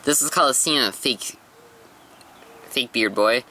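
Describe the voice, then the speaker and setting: A man's voice: mid-range voice, slow pace, sharp tone, slight background noise, rough recording. A man voicing an arrogant, scornful male gladiator in a casual manga read-aloud. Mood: sneering. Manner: sneering, scornful.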